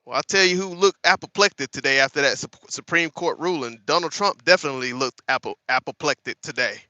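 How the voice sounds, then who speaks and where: A man in his thirties hosting a casual live-stream commentary, animated and laughing as he talks to his chat. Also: a little high, fast talker, no room sound. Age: 30s. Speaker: host.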